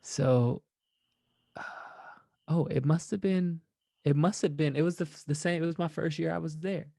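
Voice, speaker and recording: Chill guy w gravelly voice, swears a lot, rambling story, dry close sound. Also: on the high side, steady tone, moderate pace, mellow, no room sound. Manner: laid-back, rambling, swears freely. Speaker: podcast guest, former college basketball player. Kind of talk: casual storytelling.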